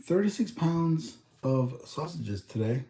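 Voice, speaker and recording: A man's voice: fairly high pitch, very animated, takes it slowly, mellow, reverberant. A young man from the States, chatting casually and rambling on his livestream. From United States. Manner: rambling, talks to chat, thinks aloud with numbers. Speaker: livestream host.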